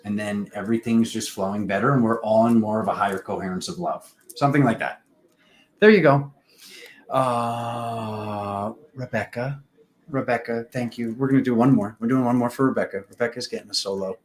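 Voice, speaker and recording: A man hosting a casual live-stream tarot reading, talking in an unhurried, rambling spiritual way with many fillers. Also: mid-range voice, rough recording.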